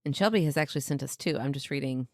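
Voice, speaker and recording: A woman's voice: very deep voice, racing, dry recording, studio quality. A woman co-hosting a podcast, chatting casually, laughing often and reading listener stories aloud. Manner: laughs often, lively storytelling. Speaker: podcast co-host.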